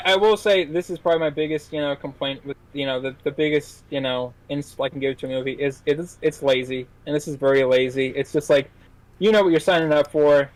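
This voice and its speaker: A man co-hosting a film podcast, reviewing a movie in casual chat with many halting restarts and fillers. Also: a little high, dry recording, rough recording. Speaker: podcast co-host, film critic.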